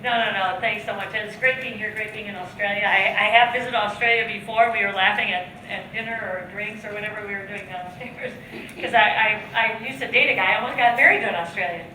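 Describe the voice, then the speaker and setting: A woman's voice: medium pitch, fast, bright, forceful tone. A woman in her fifties from the United States giving a jokey, chatty seminar talk to a live audience, often laughing at her own lines. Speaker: guest speaker and trainer. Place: large hall with an audience. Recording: echoey hall, distant mic, audience noise.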